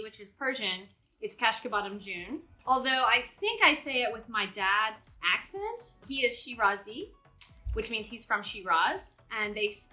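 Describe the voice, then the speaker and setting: Bright-voiced woman hosting a cooking demo. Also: medium pitch. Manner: chatty, explains as she goes. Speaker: cooking show host. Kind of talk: casual cooking demonstration. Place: home kitchen.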